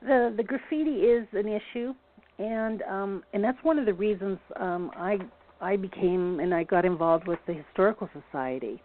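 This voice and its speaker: A woman's voice: mid-range voice, normal speed. A woman local historian telling a story in a rambling, casual way, full of restarts. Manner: rambling, many restarts and fillers. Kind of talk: casual storytelling on a phone-in show. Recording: tinny phone line.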